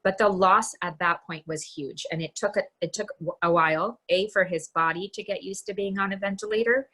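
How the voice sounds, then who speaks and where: A middle-aged woman giving a candid personal talk from her home over a video call, halting and restarting often. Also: medium pitch, bright, forceful tone. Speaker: guest speaker.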